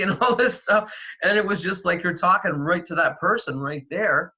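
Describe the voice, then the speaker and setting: Male guest from Canada, loose and chatty, bright, lo-fi remote audio. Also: fairly high pitch, moderate pace, slightly rough. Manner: rambling, animated storytelling with many fillers. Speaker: paranormal investigator guest. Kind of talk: casual interview talk.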